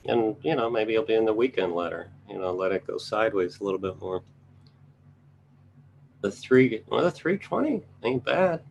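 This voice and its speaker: A man's voice: lowish voice, animated, moderate pace, gravelly, a little mellow, slight background noise. A man giving casual live market commentary, thinking aloud as he scans charts and making chatty asides to his viewers. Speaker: trading educator reviewing charts.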